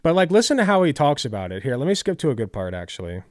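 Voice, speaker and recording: A man's voice: medium pitch, sing-song, fast talker, darkish tone, no echo, studio quality. Tired, rambling male streamer. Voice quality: rambling, lots of "like", swears freely. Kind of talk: casual live-stream chat.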